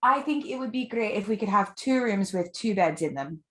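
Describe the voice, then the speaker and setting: A woman player in a tabletop game, playful and quick, often tripping over her words. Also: mid-range voice, lively intonation, a bit bright, reverberant, slight background noise. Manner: playful, quick, stumbling restarts. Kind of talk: tabletop role-play chat.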